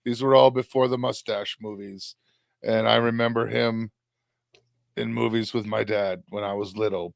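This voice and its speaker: A man in a casual podcast chat, halting and searching for his words. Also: mid-range voice, creaky, no room sound.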